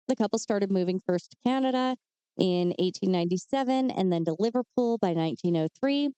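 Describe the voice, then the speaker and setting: A woman's voice: mid-range voice, animated, brisk, mellow, smooth, no echo. A woman co-hosting a podcast, telling true crime cases in a casual way with chatty asides. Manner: reads case details with chatty asides and fillers. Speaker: podcast co-host.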